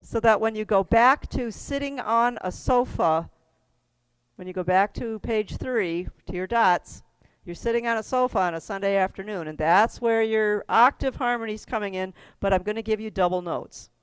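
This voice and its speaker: A woman's voice: medium pitch, normal speed, clear, resonant tone, no room sound. A middle-aged woman teaching a keyboard class, giving step-by-step instructions in a chatty way and laughing often.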